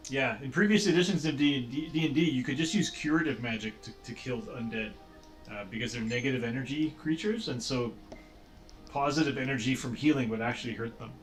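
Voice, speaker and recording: A man's voice: medium pitch, brisk, faint music behind. A man running a tabletop game as dungeon master, narrating monsters with playful, laughing energy.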